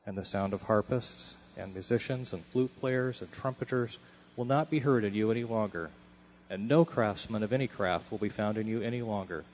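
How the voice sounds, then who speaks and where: A man reading a long scripture passage aloud in a measured, solemn manner. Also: lowish voice, darkish tone, slight background noise, low-quality recording. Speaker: scripture reader.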